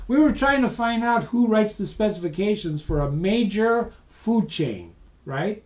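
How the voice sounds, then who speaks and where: A middle-aged man presenting a business course in a lively, conversational way, acting out phone calls. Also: high-pitched, unhurried, rough recording. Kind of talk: lecture for professionals.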